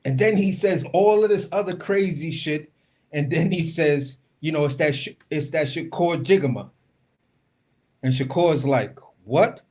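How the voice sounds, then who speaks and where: A man's voice: on the high side, unhurried, darkish tone. A man co-hosting a boxing talk stream, telling the story in casual chat and acting out the quotes. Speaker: boxing podcast co-host. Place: home studio, live stream.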